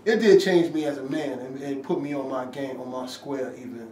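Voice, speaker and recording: A man's voice: mid-range voice, normal speed. Swearing storyteller man in an echoey room. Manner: animated storytelling with slang and swearing, acting out quotes. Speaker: rapper telling a story after an interview. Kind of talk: casual storytelling. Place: room, filmed by handheld camera. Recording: echoey room, from a distance, faint ambient noise.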